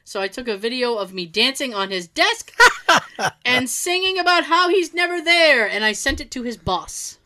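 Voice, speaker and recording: Bright-voiced woman reading stories. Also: sits high, very animated, normal speed, few pauses. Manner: laughs often, quips between stories. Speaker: storyteller reading listener stories. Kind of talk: casual story reading with asides.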